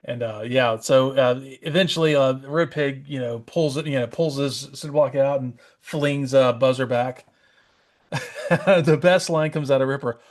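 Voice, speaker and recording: A man's voice: mid-range voice, a little slow. A man co-hosting a podcast, chatting casually about a comic, rambling a bit and chuckling often. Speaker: podcast co-host. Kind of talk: casual comic-book chat.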